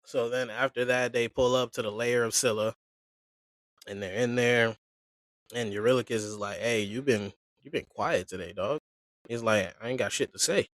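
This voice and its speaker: A man's voice: mid-range voice, normal speed, no echo, clean studio sound. A man casually retelling a story on a podcast, acting out the characters' lines in slang. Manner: animated retelling with slangy acted quotes. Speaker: podcast co-host.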